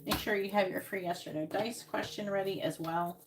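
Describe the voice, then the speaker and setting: A woman's voice: mid-range voice, fairly even intonation, fairly quick, background noise. A woman giving psychic readings on a live stream, talking casually and rambling with many restarts, into earbuds.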